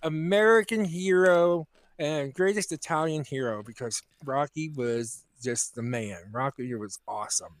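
A man's voice: on the high side, measured pace, hardly any pauses, no room sound. Insistent man in crude podcast banter. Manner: argumentative, insistent. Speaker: podcast co-host.

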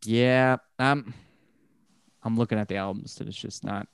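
A man talking casually about music, rambling and swearing, and he gets animated when excited. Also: on the low side, a little slow, vocal fry, clean tone, no room sound, clean studio sound.

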